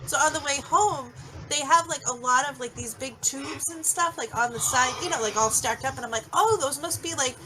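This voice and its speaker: A woman's voice: high voice, brisk, poor audio. A woman co-hosting a podcast, telling a story in chatty casual talk full of fillers. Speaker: podcast co-host. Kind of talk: casual chat. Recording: podcast audio with clear background noise.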